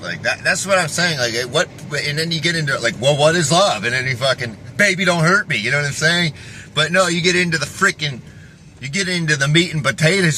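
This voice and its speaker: Dude ranting into the camera, cussing a lot, bright edgy voice, faint hiss behind. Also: male voice, medium pitch. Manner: profane, restless, self-interrupting. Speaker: fitness vlogger. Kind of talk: rambling casual monologue.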